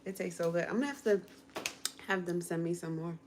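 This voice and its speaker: A woman's voice: fairly low pitch, brisk, background noise. Chatty woman coaching a singing lesson. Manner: chatty, encouraging, coaching step by step. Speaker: content creator and vocal coach. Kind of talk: casual livestream chat with a mini singing lesson. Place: home kitchen while cooking.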